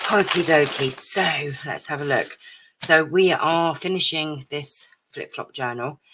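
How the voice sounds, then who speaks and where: Lady at her craft desk, very low voice, bit croaky and breathless, chatty with lots of ums, faint hiss. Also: a bit bright, low-quality recording. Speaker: craft live-streamer. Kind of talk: casual craft chat.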